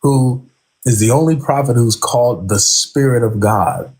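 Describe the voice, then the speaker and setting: A man hosting a casual religious discussion, asking probing, measured questions. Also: mid-range voice, a crowd in the background, low-quality recording. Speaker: host, apologist.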